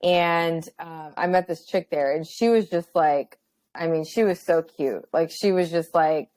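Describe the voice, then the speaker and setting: Profane, animated young woman telling a story. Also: low voice, low-quality recording. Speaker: podcast guest. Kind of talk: casual chat, storytelling.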